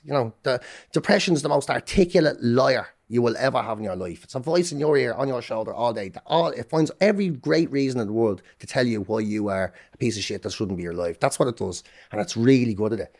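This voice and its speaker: An Irish man in his forties, a guest on a podcast, speaking candidly with forceful emphasis and plenty of swearing. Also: mid-range voice, lively intonation, a little fast. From Ireland. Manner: emphatic, heavy swearing, repeats points forcefully. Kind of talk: candid interview talk.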